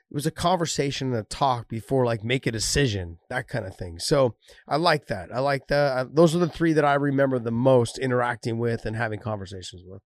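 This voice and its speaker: A man's voice: mid-range voice, lively intonation, brisk, no echo. Guy who used to fight, chatting easy, acting out quotes, dry sound. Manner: storytelling, acting out quoted lines with laughs. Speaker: former fighter, podcast co-host. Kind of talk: casual chat.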